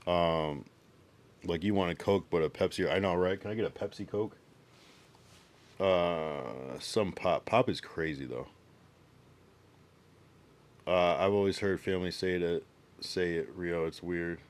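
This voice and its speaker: A man with a low, deep voice, talking loosely to his chat on a livestream. He reads viewers' messages aloud and riffs on them with slang and casual swearing. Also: measured pace, long pauses. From United States.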